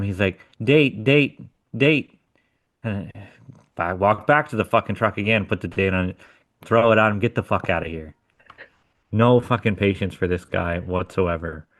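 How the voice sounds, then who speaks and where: This male podcast co-host has a very low, slightly bright voice and tells a story in casual chat, swearing freely and speaking bluntly. The recording is dry, close and echo-free.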